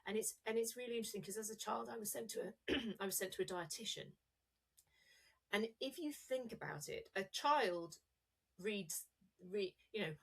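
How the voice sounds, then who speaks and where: Speaking at a moderate pace, a woman coach chats loosely as a podcast guest, her mid-range voice noticeably creaky. She wanders through her ideas, revises what she's just said, and demonstrates as she explains.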